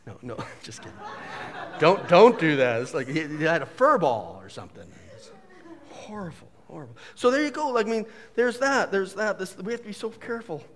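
A male pastor delivers a relaxed, joking sermon in a high voice that climbs and dips all over the place. His talk is folksy and full of asides. The sound rings with a long reverb, as in a large church hall. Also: fairly quick. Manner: animated, jokey, folksy asides. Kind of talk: conversational sermon.

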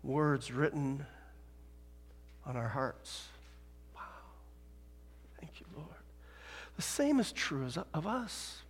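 A man preaching a sermon in a church, dramatic, dropping to a hush and rising loud. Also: mid-range voice, sing-song, takes it slowly, pauses often, a little hiss or hum. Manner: dramatic, swings from hushed to loud. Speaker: pastor. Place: church sanctuary. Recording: long hall reverb.

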